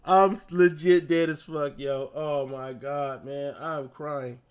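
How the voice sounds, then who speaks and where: A man's voice: fairly high pitch, fairly even intonation, slow pace, clear, resonant tone. A man streaming live, reacting to clips in casual, slangy chat and laughing often.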